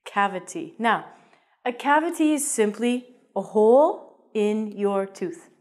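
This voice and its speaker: A woman's voice: mid-range voice, animated, slow pace, a little mellow. A woman teaching an English vocabulary lesson in a playful, jokey way, with theatrical asides.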